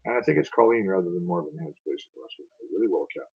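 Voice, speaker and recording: A man's voice: sits low, expressive, fast, gravelly, husky, highs cut off. A man reading narrative verse aloud and chatting afterward, in a loose, stumbling way, often correcting himself. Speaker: amateur poetry reader.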